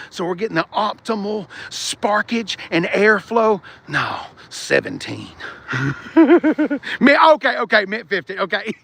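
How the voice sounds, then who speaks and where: A man hosting a loose car-talk livestream, talking in a high, bright voice. He rambles and stays animated, reads out viewer comments, and bursts into shouting when a story gets him worked up. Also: creaky, no echo. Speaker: livestream host reading chat.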